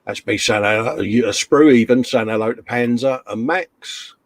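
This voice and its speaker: Man, live stream host, chatty, jokey, mid-pitched voice, dry sound. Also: normal speed, dry recording. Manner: chatty, jokey, greets viewers by name. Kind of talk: casual chat reading out viewer comments.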